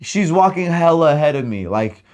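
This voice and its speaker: A young man telling a story in casual chat, animated and full of profane slang. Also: on the high side, moderate pace. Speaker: podcast co-host.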